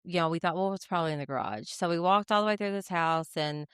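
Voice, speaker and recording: A woman's voice: fairly low pitch, fast talker, a bit bright, clean tone, dry recording, studio quality. A middle-aged woman realtor co-hosting a podcast, telling funny work stories in casual chat and laughing at her own mishaps.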